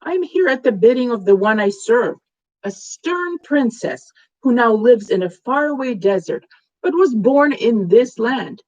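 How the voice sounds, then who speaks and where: A woman's voice: fairly high pitch, darkish tone, muffled recording. A woman reading the part of an earnest young male traveler who speaks carefully with a stumbling foreign accent.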